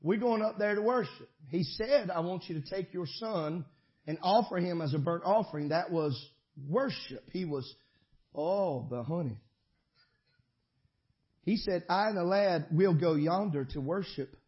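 A man preaching a sermon as pastor, shifting between shouted climaxes and quiet conversational asides. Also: high-pitched, muffled recording.

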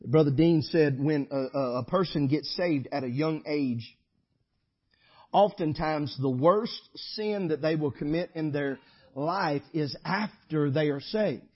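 Husky preacher, high voice. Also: male voice, measured pace, dull audio. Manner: preaching, swings from shouting to quiet storytelling. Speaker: pastor. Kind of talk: sermon.

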